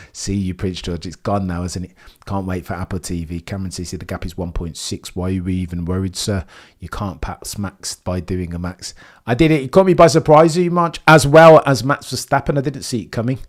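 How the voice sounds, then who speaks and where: A man calling a live race stream as a fan, jumping from calm updates to loud pleading shouts. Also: deep voice, moderate pace. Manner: swings from calm reading of gaps to loud shouting; fan-like, pleading with drivers, chatty with viewers.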